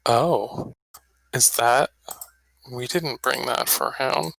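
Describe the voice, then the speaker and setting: Slow, hesitant man playing a tabletop game. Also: medium pitch, gravelly, fairly bright tone, no echo, rough recording. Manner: hesitant, filler-heavy, slow. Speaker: player. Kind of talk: casual tabletop game chat.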